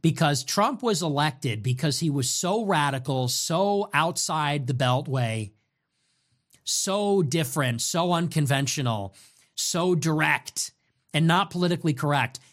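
Young male host, fiery political rant, lots of rhetorical questions, swings his pitch all over. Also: lively intonation, fairly bright tone. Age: young adult. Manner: ranting, rapid-fire rhetorical questions, profane. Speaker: show host. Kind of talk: political monologue.

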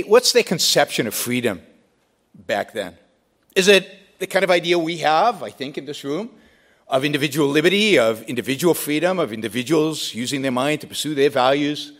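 Man, debate speech, fairly high voice, emphatic, rhetorical questions. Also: a bit bright.

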